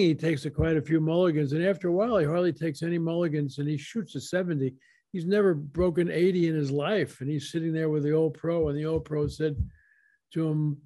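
A man's voice: a little high, mellow. An older man, a guest author, telling folksy anecdotes in a casual interview and quoting conversations as he goes. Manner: folksy anecdotal storyteller, quotes others in dialogue.

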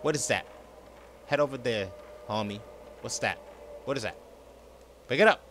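A man's voice: mid-range voice, moderate pace, noisy background. A man in his thirties hosting a horror let's play, hyped and slangy, joking with his viewers. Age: 30s. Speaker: gaming channel host.

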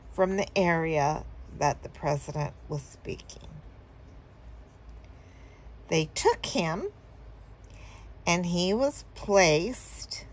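A woman telling a story casually to her viewers, rambling with fillers and chuckling now and then. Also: mid-range voice. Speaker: vlogger.

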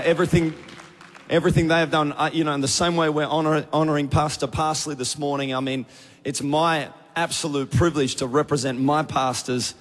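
Australian man, youth pastor, energetic sermon and prayer, high voice, hall echo. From Australia (Tasmania). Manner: energetic, rising to fervent prayer. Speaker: youth pastor, guest preacher. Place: large church auditorium. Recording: big church hall reverb.

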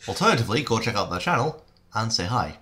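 A man's voice: fairly low pitch, sing-song, quick pace, sharp tone, faint music behind. A man hosting a casual, jokey card game commentary, chatting and laughing with his co-hosts.

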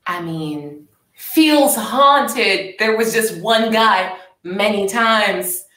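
A woman's voice: medium pitch, very slow, sharp tone. A woman playing a tabletop game, joking and laughing as she talks. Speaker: player. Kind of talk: casual tabletop play. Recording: roomy, from a distance.

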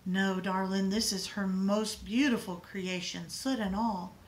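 A woman's voice: mid-range voice, steady tone, a little slow, lightly acted. A woman reading a tender, relieved mother. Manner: tender and emotional.

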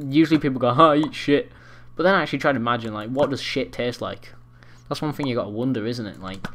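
Young man, gaming commentary, sweary, rambling, angry outbursts, mid pitch, faint keyboard typing. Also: slight background noise. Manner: swears a lot, rambling, bursts into angry yelling. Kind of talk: live gameplay commentary. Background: faint keyboard clicks and typing.

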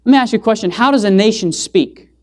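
A man delivers an impassioned sermon in a church setting. He keeps questioning his listeners, then answers himself, leaning hard on key words with sudden rises in pitch and loudness. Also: fast. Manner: emphatic, asks the audience rhetorical questions; swings pitch and loudness for emphasis. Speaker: evangelist preacher.

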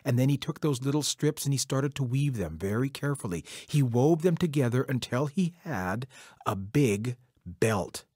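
A storyteller with a medium-pitched, slightly mellow and rough voice tells a traditional folk tale to children, addressing them directly in a conversational way. The sound is clean studio quality with no room sound.

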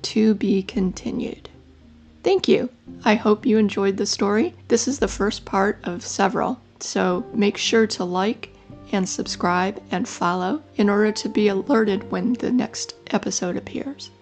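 A woman narrating a children's story in a gentle, measured storytelling manner. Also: mid-range voice, faint music behind.

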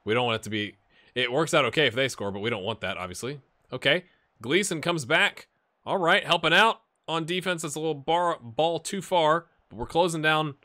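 A man giving casual, amused commentary while playing a football management game, getting excited during the action. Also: on the high side, brisk. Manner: chatty, amused, jumps to excited play-by-play. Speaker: gaming YouTuber. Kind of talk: casual let's-play commentary.

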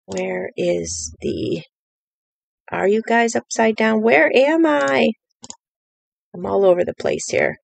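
A woman's voice: on the low side, no echo. A woman hosting a live-streamed craft tutorial from a home craft table, talking in a chatty, rambling way with many fillers. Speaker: craft demonstrator.

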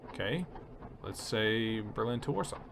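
A man hosting a relaxed let's play, reading story text aloud and chatting about his choices. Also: fairly low pitch, a little slow, gravelly, noisy background. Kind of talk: casual gameplay commentary reading game text aloud.

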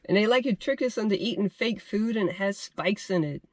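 A man voicing a big, wise male bass fish who makes measured, solemn offers in a told fishing tale. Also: no room sound, lightly acted. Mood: pleading.

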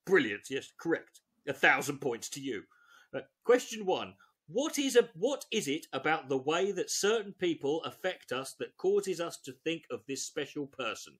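A man's voice: on the high side, big pitch swings, moderate pace, fairly bright tone, husky. A man hosting a comedy show, mockingly reading out a dating guide with sarcastic asides, frequent giggles and swearing. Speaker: comedy podcast host.

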